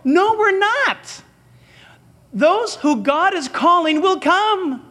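This is a very high-voiced pastor preaching slowly, with emphatic, dramatic delivery and wide, animated swings in pitch. Along the way he breaks into quoted dialogue.

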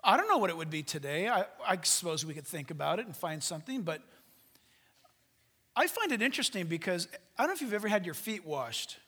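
A man pastor giving a sermon, telling a humorous story and swinging between loud preaching and hushed asides. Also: high voice, big pitch swings, a little fast, husky. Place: church sanctuary stage. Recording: long hall reverb.

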